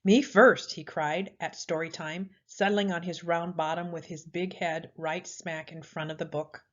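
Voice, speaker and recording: A woman reading a children's picture book aloud in a lively, expressive way. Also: low voice, normal speed. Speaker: storyteller. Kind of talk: children's story read-aloud. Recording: slightly dull lo-fi audio.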